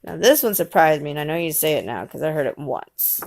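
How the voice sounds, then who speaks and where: A mother reading a picture book with her small child, coaxing and gently teasing. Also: sits low, very animated, fairly quick, creaky, slight background noise.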